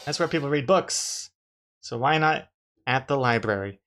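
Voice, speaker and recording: A man's voice: mid-range voice, animated, moderate pace, fairly bright tone, faint music behind. A man, a comic artist, chatting casually to his live-stream viewers while drawing, rambling and restarting his sentences with dry jokes.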